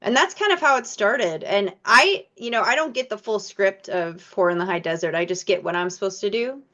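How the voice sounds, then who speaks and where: A woman actress from Michigan chatting in an interview, telling lively stories and acting out the lines of other people. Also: mid-range voice. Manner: animated storyteller, acts out quoted dialogue. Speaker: actress guest. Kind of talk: casual interview chat. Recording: muffled lo-fi audio.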